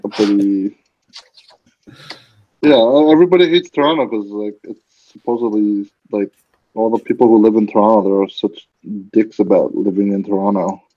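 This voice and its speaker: A man's voice: on the low side, normal speed, no room sound. A man hosting a casual group chat, rambling and restarting his sentences. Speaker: host. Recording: dull lo-fi sound.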